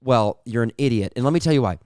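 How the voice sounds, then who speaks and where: A man in the middle of a playful mock debate on a podcast, his voice smooth and resonant. He argues in a mock-serious way, trips over repeated words and laughs at his own lines. The sound is dry and close. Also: mid-range voice, expressive, quick pace, a little mellow, no echo. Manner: mock-serious arguing, stumbling repetitions, laughing at own jokes. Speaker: podcast co-host.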